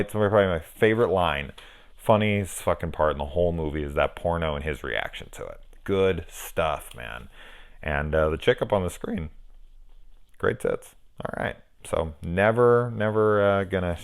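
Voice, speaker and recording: A man with a notably deep, low voice talks through a horror film in a loose, unscripted vlog. He rambles from scene to scene, swears constantly and gushes about the parts he loves. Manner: profane, rambling, enthusiastic. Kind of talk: casual film review vlog.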